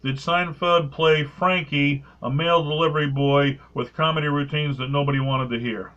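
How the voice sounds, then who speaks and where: A man hosting a comedy podcast, telling stories in an animated way and reading out listener comments. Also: fairly high pitch, normal speed, muffled recording. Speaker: podcast host. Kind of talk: casual podcast chat.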